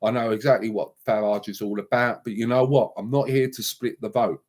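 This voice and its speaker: A man's voice: on the low side, fairly even intonation, a little fast, a little mellow. A man hosting a live stream and ranting heatedly, with repeated emphatic outbursts and words said over and over. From England.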